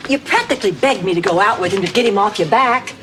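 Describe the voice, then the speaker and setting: A woman's voice: mid-range voice, animated, fast, music in the background, natural voice. An actress playing a dramatic, indignant middle-aged woman in a sitcom. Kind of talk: sitcom acting. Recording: hissy old TV recording.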